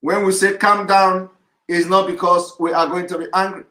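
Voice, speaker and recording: Guy doing a live broadcast, high voice, keeps repeating himself hard, roomy echo. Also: level tone, normal speed. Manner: insistent, repetitive, forceful oratory. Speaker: activist leader giving a live broadcast. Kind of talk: live online address to followers.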